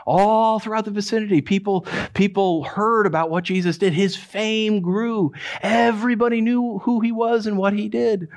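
A man preaching a conversational sermon, animated and acting out voices as he tells the story. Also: high voice, moderate pace, hardly any pauses. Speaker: pastor.

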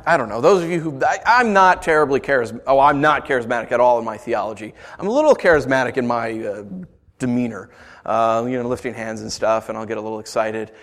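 A man preaching a sermon, conversational and animated, with playful asides to the congregation. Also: medium pitch. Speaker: pastor.

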